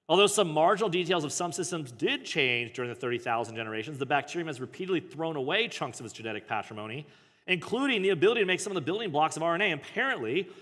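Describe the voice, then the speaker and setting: A man's voice: fairly high pitch, fairly bright tone. Man reading aloud in a reverberant hall. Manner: casual, joking asides and self-corrections between read passages. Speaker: pastor teaching a book study. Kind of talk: reading a book aloud with off-the-cuff commentary. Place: church hall.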